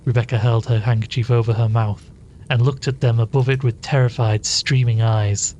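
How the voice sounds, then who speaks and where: A man narrating a classic short story with an even, measured reading. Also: mid-range voice, slight background noise, poor audio.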